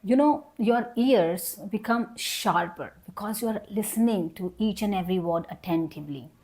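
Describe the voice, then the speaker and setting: A woman's voice: mid-range voice, moderate pace, a little mellow. A young adult woman teaching an online English lesson. She explains each point patiently, repeats herself and models example sentences.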